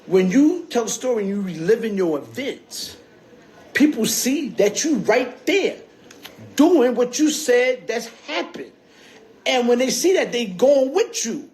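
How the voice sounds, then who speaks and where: High-voiced streetwise man on a livestream. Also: darkish tone. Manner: streetwise slang, repeats "you heard?". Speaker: livestream host. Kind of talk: casual livestream monologue. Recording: phone screen-recorded livestream.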